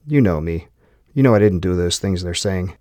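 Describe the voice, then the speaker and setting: A man's voice: sits low, expressive, normal speed, warm tone, no room sound, studio quality. A man voicing a woman captain on the run, earnest and urgent.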